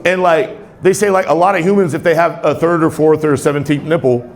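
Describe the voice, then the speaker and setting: A man's voice: fairly high pitch, fairly even intonation, fairly quick. Rambling male comic, crowd laughing. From Tacoma, Washington, USA. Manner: rambling, self-deprecating, laughs at his own jokes. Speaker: stand-up comedian. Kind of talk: stand-up comedy set. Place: comedy club stage with laughing crowd. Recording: live club set with crowd laughter.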